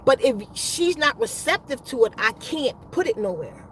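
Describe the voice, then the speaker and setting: High-voiced woman telling a rambling story. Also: sing-song, moderate pace, fairly bright tone, a little hiss or hum, poor audio. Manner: rambling and profane, with restarts and slang. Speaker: spiritual vlogger. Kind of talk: casual storytelling.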